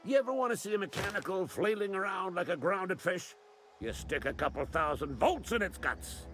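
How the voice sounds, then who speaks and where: An actor playing a boastful, gung-ho weapons dealer in a video game, barking orders and calling everyone soldier. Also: male voice, sits high, lively intonation, moderate pace, a bit bright, slight background noise.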